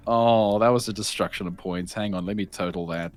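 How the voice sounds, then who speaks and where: A man casting a tournament match live in casual commentary, excitable, laughing often and reading chat aloud. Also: fairly low pitch, normal speed. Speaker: esports caster.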